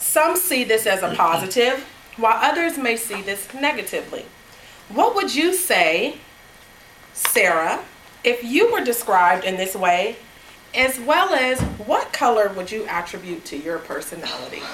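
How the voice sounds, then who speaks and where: A woman leading a meeting segment, reading out questions in a measured, friendly way. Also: on the high side, sing-song, fairly bright tone, roomy sound, a little hiss or hum, low-quality recording. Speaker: table topics master.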